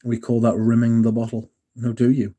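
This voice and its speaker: A relaxed, dark-toned English man talks loosely to his livestream chat. He rambles, trips over his words and corrects himself, then drops in a casual swear or a joke. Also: medium pitch, brisk. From England. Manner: rambling, self-correcting, jokey and profane. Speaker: livestream host.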